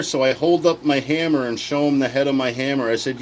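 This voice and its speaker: A man's voice: mid-range voice, fairly even intonation, a little fast, hardly any pauses, a little hiss or hum, rough recording. A man on a livestream telling a casual, profane story in a blunt, heated way. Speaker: livestream host.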